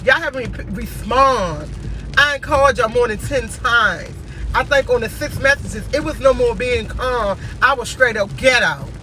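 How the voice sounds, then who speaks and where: A man's voice: extremely high pitch, normal speed, bright, forceful tone, a little hiss or hum, poor audio. A man venting in a casual vlog, exasperated and repeating himself as he rants from inside a car. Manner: exasperated, repetitive ranting. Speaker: vlogger.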